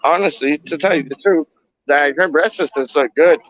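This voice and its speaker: High-voiced slangy East London man. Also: moderate pace, a bit bright, muffled recording. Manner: slangy, repetitive, hypes people up. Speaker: host chatting with strangers on video call. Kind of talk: casual video chat.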